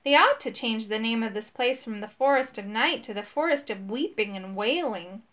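A gruff, grumbling male toad from a children's storybook, as a woman reader puts him on. He mutters and complains in a slightly high voice. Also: normal speed, fairly bright tone, close to an everyday voice. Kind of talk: storybook reading.

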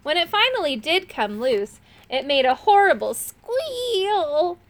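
A woman reading a children's chapter book aloud with expressive, dramatic delivery. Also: sits high, moderate pace. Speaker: narrator.

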